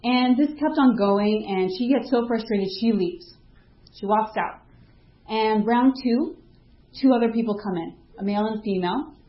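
A woman's voice: on the high side, moderate pace, reverberant, lo-fi sound. A woman giving a personal faith testimony in a casual, storytelling way, acting out what people said to her. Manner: vivid storytelling, acting out quoted dialogue; casual, with frequent fillers like "like". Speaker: speaker sharing a personal testimony.

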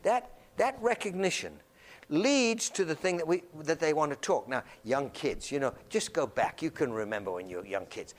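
A man's voice: a little high, expressive, moderate pace. A man giving an anecdotal classroom lecture, acting out little dialogues and often repeating words as he talks. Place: lecture room filmed on camera.

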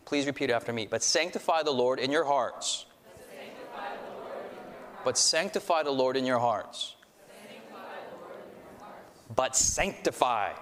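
A man's voice: medium pitch, a little slow, long pauses, fairly bright tone. A man preaching as a pastor, leading the congregation in call-and-response with self-deprecating humor. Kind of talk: sermon. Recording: reverberant hall.

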